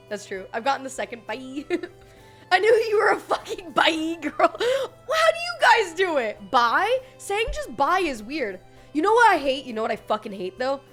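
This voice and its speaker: A young woman chats on her stream in a high, animated voice. She rambles, swears freely and laughs a lot, putting on other people's voices. Faint music plays behind her. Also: a little slow, long pauses. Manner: animated voice swings, mimics others. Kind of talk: casual stream chat.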